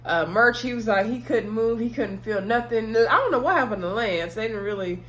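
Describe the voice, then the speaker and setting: A woman's voice: on the high side, expressive, normal speed, a bit bright. A woman casually recapping a TV episode in chatty storytelling style, acting out what the characters said and laughing along. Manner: laughs often while telling. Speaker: TV episode reviewer.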